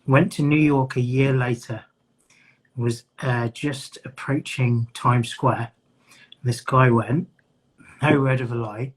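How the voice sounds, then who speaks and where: Husky man with a mixed London accent. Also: medium pitch, fairly even intonation, measured pace. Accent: mixed English, London with Midlands traces. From North London, England. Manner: storytelling, acts out quoted voices. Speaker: podcast host. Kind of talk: casual live-stream chat. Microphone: video call.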